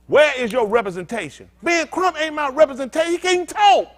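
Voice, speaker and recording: A male pastor preaching to a congregation in a high voice that leaps up and down in pitch. He is blunt and street-talking. He swings from loud, emphatic bursts to low, muttered asides. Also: big pitch swings, fairly quick. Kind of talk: sermon teaching with call-and-response.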